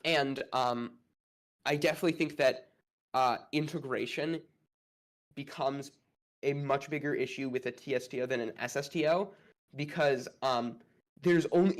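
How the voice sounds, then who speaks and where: A man's voice: medium pitch, measured pace. A man arguing one side of a casual space debate, hedging and thinking aloud with many fillers.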